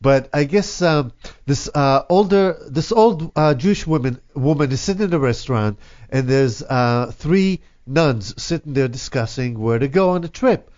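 A male radio host of middling pitch chats casually with his guest, relaxed and pausing with plenty of "uh". The sound is dull and lo-fi, like a radio broadcast. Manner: relaxed, hesitant, lots of "uh". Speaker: radio talk show host. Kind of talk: casual radio interview chat.

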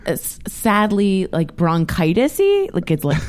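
A woman's voice: mid-range voice, huge pitch swings, a little slow, darkish tone. A young woman from Washington, D.C., co-hosting morning radio in a studio, with a nasal voice and chatty, self-mocking talk. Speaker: radio co-host. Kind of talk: casual morning radio chat.

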